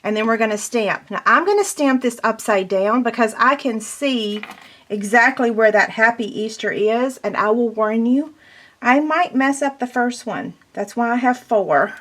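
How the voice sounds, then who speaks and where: A woman's voice: on the high side, normal speed, a bit bright. A woman giving a casual step-by-step paper crafting tutorial, chatty and self-deprecating as she works.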